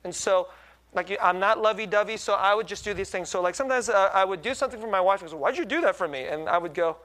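A man's voice: high-pitched, fast, a bit bright. A middle-aged man preaching in a conversational, self-deprecating way, often checking in with tag questions. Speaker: pastor. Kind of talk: conversational sermon.

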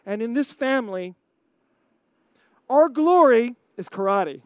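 An American preacher telling a story in a sermon, animated, acting out scenes and laughing often. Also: high-pitched, moderate pace, long pauses, dry recording, studio quality. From United States.

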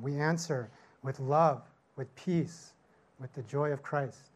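A man's voice: mid-range voice, slow. A middle-aged male pastor giving a conversational sermon, telling a story and checking in with "right?" after nearly every line. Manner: storytelling with constant "right?" tag questions.

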